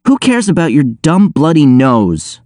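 A man's voice: fairly high pitch, very animated, unhurried, warm tone, no echo, clean studio sound, pitched above the performer's own voice. A man doing a snappish upset schoolgirl. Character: distraught, snappish young schoolgirl.

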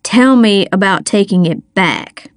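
A woman voicing a stern male police detective who speaks low and curtly. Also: unhurried, dry recording, clean studio sound, lightly acted.

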